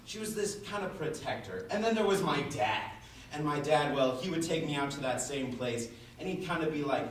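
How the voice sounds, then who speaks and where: A man's voice: fairly high pitch, fairly bright tone, slight background noise. Give me a young male student presenting casually, heard from far off in a roomy classroom. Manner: casual storytelling, frequent "like" fillers. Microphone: far room mic.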